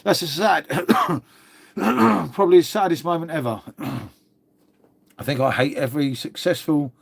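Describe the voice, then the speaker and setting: Chatty London-area bloke with a cold. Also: male voice, on the high side, a little slow, creaky, breathy edge. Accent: London-area English. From England (Old Windsor, Berkshire). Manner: chatty, swears freely, calls everyone mate. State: congested with a cold. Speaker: livestream host. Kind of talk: casual chat reading live comments.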